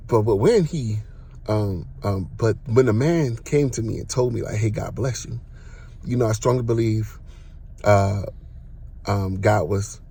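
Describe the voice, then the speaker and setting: Gravelly, husky man telling his story. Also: lowish voice. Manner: animated storytelling with slang and acted-out exclamations. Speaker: podcast host. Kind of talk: casual personal testimony.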